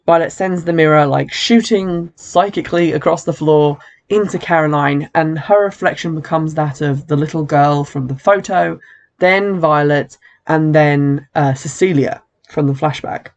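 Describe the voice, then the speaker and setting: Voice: medium pitch, normal speed. A podcast host casually recapping a horror film, chatty, with wry asides and frequent self-corrections.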